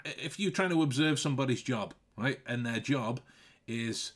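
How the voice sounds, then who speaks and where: A man's voice: mid-range voice, normal speed. A man hosting a casual podcast chat, often restarting and repeating words and breaking into laughs. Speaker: podcast host.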